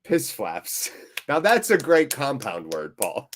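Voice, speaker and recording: A man's voice: medium pitch, huge pitch swings, takes it slowly, a little hiss or hum. A man hosting a live fan watchalong, reading viewers' chat aloud with jokey swearing and a weary, deflated tone.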